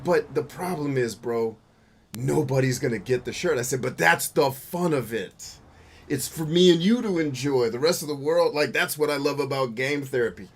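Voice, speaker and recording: A man hosting a gaming show, riffing through casual gameplay commentary, boisterous and playful, full of slang and swearing, with sudden loud outbursts. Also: medium pitch, breathy edge. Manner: boisterous and playful, bursts into loud shouts and laughter.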